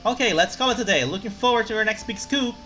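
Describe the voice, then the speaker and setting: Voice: medium pitch, lively intonation, quick pace, soft background music, pitched above the performer's own voice, lightly acted, poor audio. A player voicing a tipsy, brash female journalist from a video game, reading her lines with a put-on drunk slur. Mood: wry. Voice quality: slurred drunk voice. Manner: loud, emphatic, swings to shouting. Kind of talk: reading game dialogue aloud.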